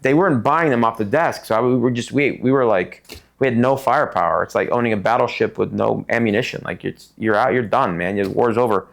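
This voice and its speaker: A middle-aged man from Tucson, a podcast guest telling stories in an animated way and acting out the people in them. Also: mid-range voice, brisk, gravelly. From Tucson, Arizona. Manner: animated, acts out voices in his stories. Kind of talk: casual storytelling interview.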